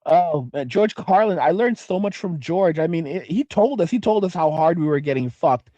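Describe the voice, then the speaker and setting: A man hosting a livestream and reading chat, talking casually in a profane, excitable, rambling way. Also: on the high side, normal speed, no room sound, muffled recording. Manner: profane, excitable, trails off and restarts.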